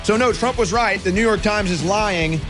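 Ranting high-voiced male host. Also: normal speed, over music. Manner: combative, ranting, swears, mocking. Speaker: political commentary host. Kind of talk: angry political rant.

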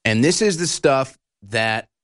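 A man's voice: mid-range voice, expressive, unhurried, fairly bright tone, no room sound, clean studio sound. Combative ranting male commentator. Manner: combative, insulting, heated. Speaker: political commentary host.

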